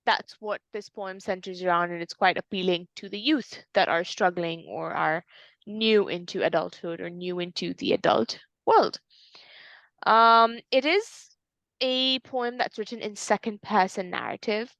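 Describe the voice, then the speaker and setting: A woman's voice: mid-range voice, a little slow, vocal fry, a bit bright, dry recording, muffled recording. A woman tutor explaining a poem in an online lesson, in a patient, explanatory way with some fillers. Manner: explanatory, uses fillers and restarts.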